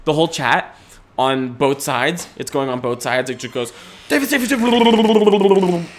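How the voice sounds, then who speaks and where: A man's voice: medium pitch, fairly even intonation, moderate pace, a bit bright, a little hiss or hum. A man in his twenties hosting a podcast, rambling in goofy, profane chat and slipping into silly voices. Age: 20s. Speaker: podcast host.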